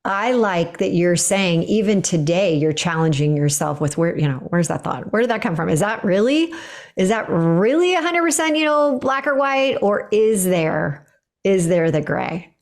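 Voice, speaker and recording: A woman's voice: mid-range voice, lively intonation, moderate pace. A woman hosting a podcast interview, agreeing with her guest and asking follow-up questions in casual chat. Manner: affirming, echoes the guest and asks follow-ups. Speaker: podcast host.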